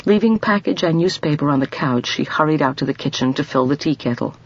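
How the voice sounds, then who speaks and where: A woman reading an audiobook in measured storytelling narration. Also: low voice, expressive, breathy edge, lo-fi sound.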